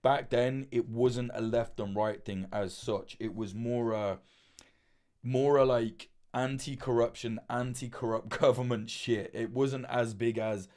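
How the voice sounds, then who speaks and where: A livestream host in his late twenties chats casually, rambling with plenty of fillers, restarts, and free swearing. His mid-range voice is steady and unhurried, with a darkish tone.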